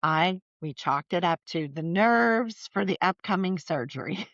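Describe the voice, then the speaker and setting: A middle-aged woman, a podcast guest, telling family stories in a chatty, animated way with lots of fillers. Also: on the low side, unhurried, dry recording, highs cut off. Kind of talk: casual storytelling conversation.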